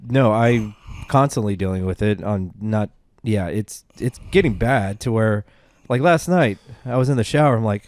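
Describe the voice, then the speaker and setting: A man's voice: fairly low pitch, normal speed, darkish tone, no echo. Texan male podcast host, blunt and self-mocking, dry close-miked studio sound. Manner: self-deprecating, blunt, swears casually. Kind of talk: casual conversation.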